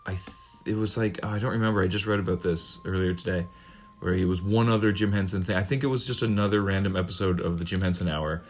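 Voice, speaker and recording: A man's voice: low-pitched, fairly even intonation, fast, a little hiss or hum. A man hosting a podcast in casual chat, rambling, trailing off and restarting, and swearing freely. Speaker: podcast host.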